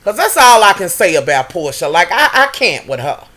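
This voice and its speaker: A woman's voice: on the low side, sing-song, normal speed, bright, forceful tone. A young woman recapping a reality TV episode in a sassy, profane, gossipy way. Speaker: TV recap vlogger.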